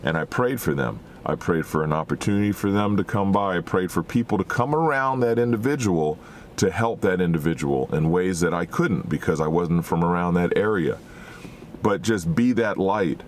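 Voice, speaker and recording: A man with a very low voice preaches a sermon, earnest and exhorting, asking his listeners question after question. A faint low rumble runs underneath the recording. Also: moderate pace.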